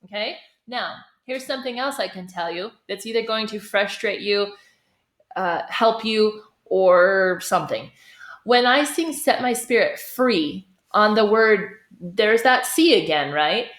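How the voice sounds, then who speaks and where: Her medium-pitched voice is expressive and a bit bright, and she keeps a measured pace while giving a choir lesson in an echoey space. She walks through vocal technique, models phrases by singing them, and checks in with "okay?" often.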